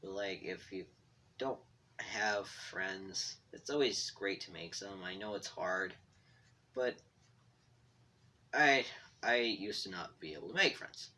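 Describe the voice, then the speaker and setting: A man's voice: low voice, takes it slowly, long pauses, sharp tone, slight background noise. A man telling a meandering story from his bedroom while drawing, self-deprecating and tripping over his words. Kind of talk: rambling casual storytelling. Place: bedroom at home.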